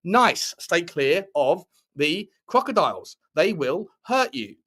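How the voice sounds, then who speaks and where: A man hosting a live football chat show, talking in a loose, rambling way with lots of restarts. His voice sits a little high for a man, and he answers viewers with firm opinions. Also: sing-song, slow pace, bright, forceful tone. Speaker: football channel host reading live chat. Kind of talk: casual live-stream chat.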